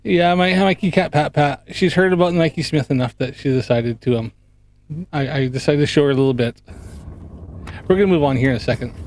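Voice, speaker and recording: A man's voice: on the high side, fairly quick, a little mellow. A man hosting a casual reaction commentary, chatty and mocking, often laughing. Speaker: host.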